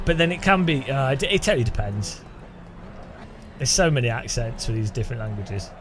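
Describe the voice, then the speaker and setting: A man's voice: medium pitch, moderate pace, fairly bright tone, slight background noise. A man streaming a racing game in casual, rambling chat with a faint music bed behind. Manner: rambling, chatty, laughs often, hums and imitates sounds.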